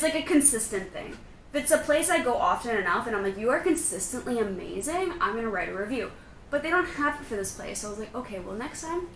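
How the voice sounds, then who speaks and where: Young woman, casual vlog chat, chatty storyteller, bright ringing voice, faint background noise. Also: fairly high pitch, echoey room. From Canada. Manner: bubbly, chatty storytelling with frequent "like" and laughs. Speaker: vlogger.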